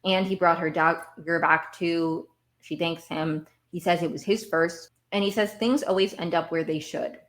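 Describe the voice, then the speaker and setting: A woman with a slightly low voice talks through a TV episode as a podcast host. She rambles in a casual, animated way and repeats words as she works out her point. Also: moderate pace. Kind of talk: casual TV recap.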